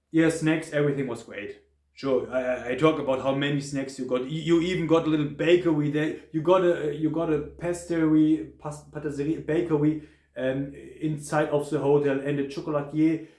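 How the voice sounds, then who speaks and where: A man with a German accent giving a casual spoken hotel review, halting, with many fillers and restarts. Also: on the high side, darkish tone, reverberant.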